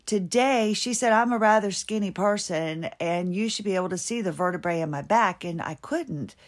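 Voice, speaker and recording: A woman's voice: mid-range voice, moderate pace. A middle-aged woman hosting a podcast, talking anxiously and ramblingly about her health, with frequent restarts and shifting pace. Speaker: podcast host. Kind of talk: personal health monologue.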